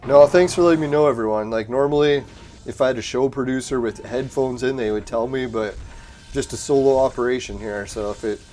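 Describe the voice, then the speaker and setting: Man, casual streamer, relaxed and profane, home desk mic. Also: medium pitch, fairly quick. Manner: laid-back, swears and laughs often. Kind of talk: casual live-stream chat. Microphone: desk mic through a soundboard.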